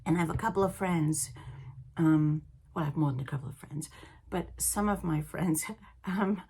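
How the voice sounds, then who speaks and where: A woman in her fifties, raised in Liverpool and long settled in Canada, chats through her knitting podcast in a rambling, friendly way. Her voice sits a little low and has a husky, gravelly texture. Her Liverpool accent is softened by decades of Canadian life. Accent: Liverpool English softened by decades in Canada. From England, Liverpool. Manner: chatty and rambling, with laughs and excited asides. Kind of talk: casual chat.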